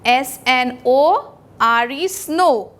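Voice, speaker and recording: Woman primary teacher, Indian English accent, high voice, very slow and deliberate, spells words aloud for small children. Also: animated, fairly bright tone. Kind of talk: recorded English lesson for young children.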